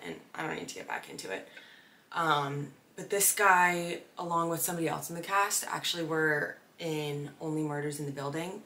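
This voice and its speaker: A young woman hosting a podcast, telling a story in casual chat, animated and quick to swear, acting out what others said. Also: low voice. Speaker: podcast host.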